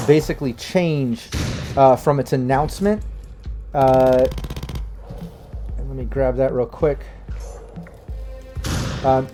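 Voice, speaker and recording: A man's voice: a little high, mellow. A man running a tabletop game as game master, narrating in a rambling way with many fillers and restarts.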